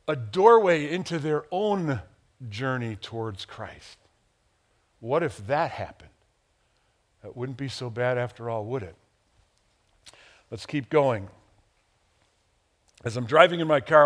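Man, pastor, sermon, slightly high-pitched, animated, playful asides, from Chicago area. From Chicago area, USA. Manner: animated, acts out quotes with big pitch jumps; warm chuckles, playful asides.

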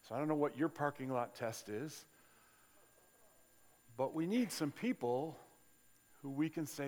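Older man, pastor, conversational sermon, storytelling, slightly high voice, long hall reverb. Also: measured pace, pauses often, darkish tone. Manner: conversational storytelling with acted-out quotes. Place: large church sanctuary.

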